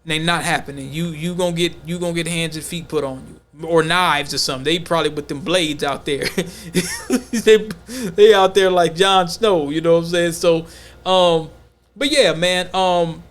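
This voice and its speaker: A man hosting a podcast, talking in a loose, slangy, animated way in casual chat. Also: on the high side, normal speed, slight background noise. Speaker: podcast host.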